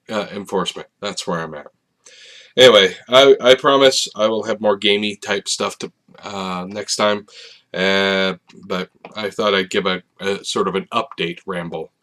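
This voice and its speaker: A man talks straight to his camera in an unhurried late-night ramble, his fairly low voice carrying a bright, forceful edge. He drifts and hesitates, stacking fillers and restarting his sentences as he thinks aloud. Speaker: video channel host. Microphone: facing a camera.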